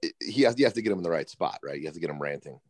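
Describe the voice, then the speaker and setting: A man co-hosting a casual podcast, emphatic and halting, often restarting his sentences. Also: low-pitched, expressive, breathy edge, dry recording, studio quality. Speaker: podcast co-host.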